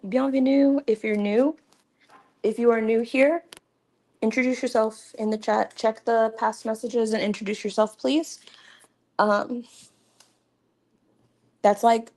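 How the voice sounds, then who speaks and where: A woman's voice: mid-range voice, gravelly, mellow. A young woman hosting a casual livestream, chatty and laughing often, with many fillers. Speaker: livestream host.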